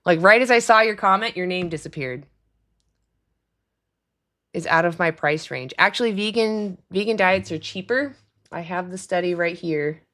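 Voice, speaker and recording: A young woman talking casually on her livestream, chatty and quick to laugh as she answers commenters. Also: lowish voice, a bit bright. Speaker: livestream host. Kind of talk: casual live-stream chat.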